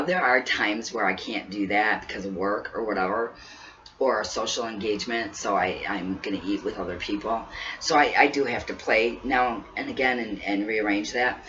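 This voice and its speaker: Bright-voiced woman in her fifties, distant and lo-fi. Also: a bass voice. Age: 50s. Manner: chatty and earnest, repeats herself, quick laughs. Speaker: weight-loss vlogger. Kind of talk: casual talk to camera. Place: indoors, seated at home. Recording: distant mic, dull lo-fi sound, faint hiss.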